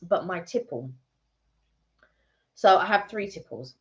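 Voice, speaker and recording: A woman's voice: on the low side, lively intonation, slow, long pauses, muffled recording. A woman co-hosting a casual live stream from England, playful and teasing.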